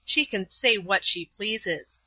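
A woman's voice: medium pitch, takes it slowly, pushed and bright, no room sound, heavily acted, low-quality recording. A woman voicing a stubborn, resentful young schoolgirl in a storybook reading, complaining indignantly.

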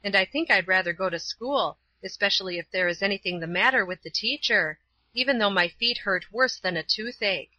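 A woman's voice: medium pitch, a little fast, pushed and bright, lo-fi sound. A woman voicing a stubborn, resentful young schoolgirl in a storybook reading, complaining indignantly.

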